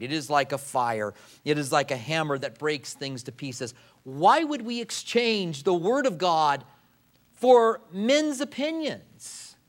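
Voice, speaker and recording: Man, pastor, sermon, fairly high voice, emphatic, dramatic pauses. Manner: preaching with emphatic slowdowns and quoted voices.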